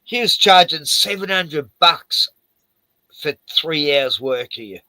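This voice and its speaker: A man's voice: on the high side, expressive, slow, sharp tone, dry recording, poor audio. An older man, a retired house painter, rambling and swearing through a casual chat with lots of "you know".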